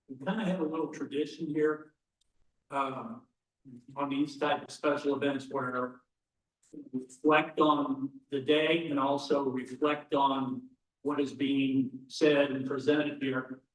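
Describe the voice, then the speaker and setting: A man's voice: mid-range voice, steady tone, slow. A man telling a folksy joke to close a club banquet, with hesitant ums along the way. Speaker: club member closing an event. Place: event hall. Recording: roomy hall, distant mic.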